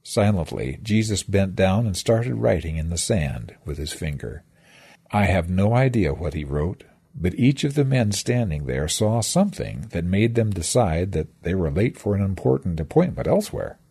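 A man's voice: low-pitched, animated, moderate pace, gravelly, mellow, husky. A man reading a scripted devotional that retells scripture stories with reflective, dramatic storytelling. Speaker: devotional speaker.

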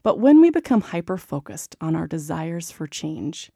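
A woman narrator reading a magazine article aloud in an expressive storytelling manner. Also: deep voice, moderate pace, vocal fry, breathy edge, no room sound, clean studio sound.

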